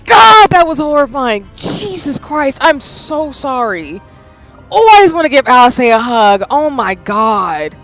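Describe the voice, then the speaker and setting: Animated woman streamer in her thirties. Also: high-pitched, takes it slowly, faint music behind. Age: 30s. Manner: loud exclaiming reactions, chatting with viewers. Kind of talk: live game stream chat.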